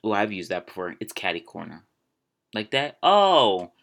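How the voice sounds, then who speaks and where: A man's voice: sits low, lively intonation, moderate pace, gravelly, a bit bright. A man from Maryland hosting his podcast, chatting casually and self-amused as he drifts off on tangents. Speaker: podcast host. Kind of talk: casual solo podcast chat.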